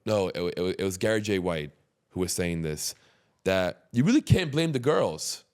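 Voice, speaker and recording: A man hosting a casual podcast conversation, talking emphatically and getting animated when he makes a point. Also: deep voice, moderate pace, clear, resonant tone. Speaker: podcast host.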